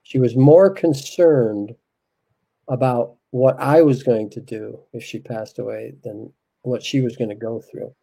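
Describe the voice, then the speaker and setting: A man as an interview guest, telling a heartfelt personal story in a soft, reflective, unhurried way. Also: mid-range voice, gravelly, slightly rough, poor audio.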